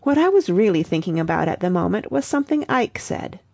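A woman's voice: mid-range voice, big pitch swings, a little fast, gravelly, mellow, no room sound. A woman voicing a pompous, self-important young man who speaks loftily and gets huffy. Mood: lofty. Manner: lofty, huffy.

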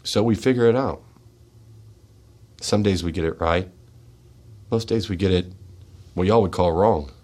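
In a radio studio, an American military veteran delivers a fervent, confrontational monologue that swings between loud outbursts and quiet, heavy asides. His voice sits low, and he speaks a little slowly with long pauses.

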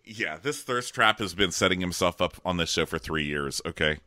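A man's voice: low voice, animated, moderate pace, bright, forceful tone, no echo, studio quality. A man co-hosting a podcast, recapping a TV show in casual, campy chat and quoting people in voices. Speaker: podcast co-host.

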